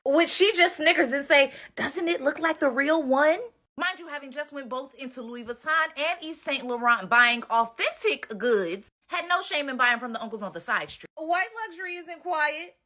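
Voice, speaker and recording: A woman narrating an anecdote in a lively way, then making a pointed comment. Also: high-pitched. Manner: lively storytelling, mimics a friend.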